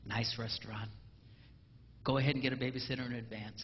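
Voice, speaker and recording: A man doing a stand-up comedy routine, animated and acting out spouses in mimicked voices. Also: a little high, brisk, background noise. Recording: roomy live hall, dull lo-fi sound.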